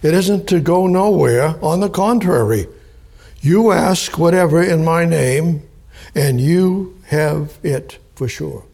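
Gravelly-voiced man teaching scripture. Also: fairly high pitch, darkish tone. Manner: slow and deliberate, spells out and repeats key words. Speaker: Bible teacher. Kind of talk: verse-by-verse Bible teaching.

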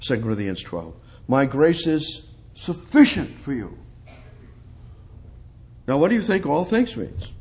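A male preacher delivering a sermon, asking rhetorical questions and building up to emphatic, high-pitched peaks. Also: huge pitch swings, a little slow, pauses often, a little mellow, husky.

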